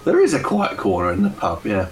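A game master with a lowish voice talks players through a scene. He rambles, fills pauses with ums and corrects himself as he goes. Faint music plays in the background. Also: huge pitch swings. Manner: rambling, filler-heavy, self-correcting. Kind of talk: narrating a tabletop game.

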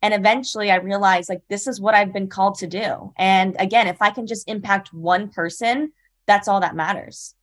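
A young South Carolina woman in her twenties, appearing as an interview guest, earnestly tells a personal story at normal speed. Her medium-pitched voice keeps a fairly even intonation, and she uses "like" and "you know" a lot.

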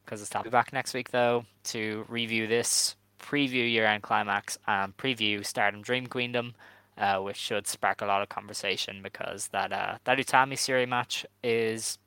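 Male podcast host, casual and hedging, low-pitched, crisp and bright, dry close recording. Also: normal speed, no room sound, rough recording. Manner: hedging, relaxed, filler-heavy. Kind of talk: casual chat.

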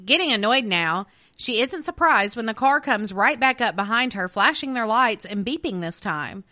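A woman's voice: a little high, animated, moderate pace, bright, forceful tone. A woman, co-hosting a casual podcast and reading urban legends aloud to her co-host. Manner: reads stories aloud, then jokes and laughs with co-host. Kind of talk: casual storytelling chat.

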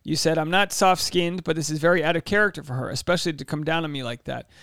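A man's voice: fairly high pitch, vocal fry, a bit bright, smooth, no room sound, clean studio sound. A man in his mid-thirties hosting a solo podcast, reading listener questions aloud and giving casual, joking advice. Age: 30s. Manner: casual, jokey advice with quick asides. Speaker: podcast host. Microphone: podcast mic in a home studio.

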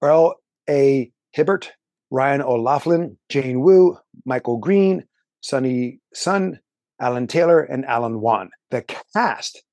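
A man's voice: mid-range voice, animated, slow, darkish tone, no echo. A man co-hosting a review podcast with his brother, chatting enthusiastically and running through cast and credits. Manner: lists credits, talkative, enthusiastic. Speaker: podcast co-host reviewing shows. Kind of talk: casual review chat.

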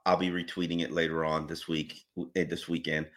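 A man's voice: rumbling low, a little fast. A man co-hosting a casual sports podcast, talking with sarcasm and plenty of laughter. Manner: sarcastic and animated, frequent laughter. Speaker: podcast co-host.

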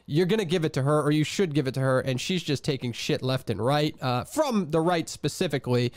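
A man's voice: a little high, brisk, dry recording, clean studio sound. A man hosting a casual recap podcast, rambling and restarting his sentences. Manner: rambling, repeats words when starting thoughts. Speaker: podcast host recapping a radio show. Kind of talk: casual chat.

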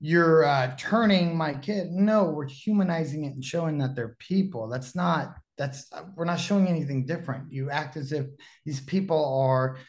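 A man's voice: a little high, moderate pace, few pauses, darkish tone. A man who is a pro wrestler, telling stories as a guest on a podcast, acting out the people in them and laughing often. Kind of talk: casual podcast storytelling.

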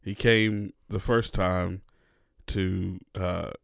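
Man, gravelly, lowish voice, animated storyteller, casual podcast host, dry sound. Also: very slow, no room sound. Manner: animated storyteller, acts out quotes.

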